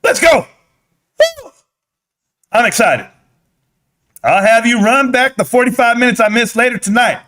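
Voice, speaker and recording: A young man hosting a live stream, talking excitedly, reading chat and yelling at times, sweaty and winded. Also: extremely high pitch, moderate pace. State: sweating in a helmet. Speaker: livestream host.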